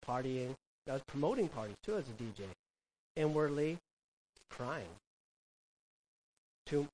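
A man's voice: mid-range voice, darkish tone, slight background noise, low-quality recording. A man from California preaching a conversational sermon, asking the congregation questions and acting out quoted voices. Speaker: pastor.

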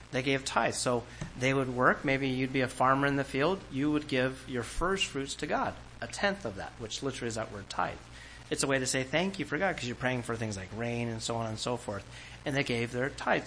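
Man, pastor, sermon, conversational preaching, acts out quotes, bright voice, faint background ambience. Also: medium pitch, slight background noise, poor audio. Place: church before a congregation.

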